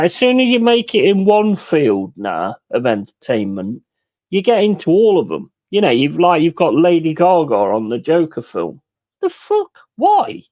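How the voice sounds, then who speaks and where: A man chatting on a live stream, cursing his way through football talk. He flips between loud, high-pitched outbursts and low muttered asides. The sound is dry and close, with no room echo. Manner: sweary, ranting, swings between loud outbursts and mumbling asides. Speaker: streamer hosting a football watch-along. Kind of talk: casual live-stream chat.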